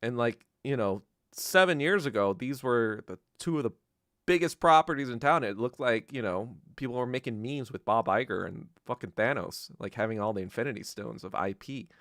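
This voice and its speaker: A man's voice: animated, moderate pace, no echo. Profane ranting man, dry close mic. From Korea. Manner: profane, swings from low mutter to loud bursts. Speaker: podcast host. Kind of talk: casual ranting monologue.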